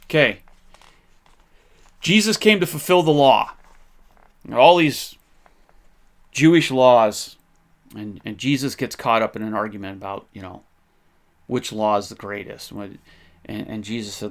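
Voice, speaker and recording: A man's voice: fairly low pitch, unhurried, pauses often, a bit bright. A man hosting a faith podcast, talking in an impassioned, conversational way with frequent restarts. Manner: impassioned, gets fired up. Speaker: podcast host. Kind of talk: faith-based history commentary.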